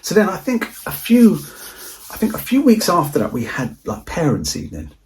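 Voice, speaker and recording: A man's voice: high voice, huge pitch swings, normal speed, vocal fry, darkish tone. A man, telling a rambling school anecdote in a casual, chatty way on his movie vlog. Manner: rambling, repeats himself, chatty retelling. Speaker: movie collector vlogger.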